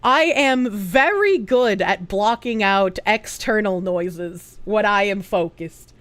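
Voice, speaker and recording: A woman's voice: medium pitch, lively intonation, slow pace, dry recording. A woman streaming live, chatting casually with her chat, reading messages aloud and thanking donors with squeals.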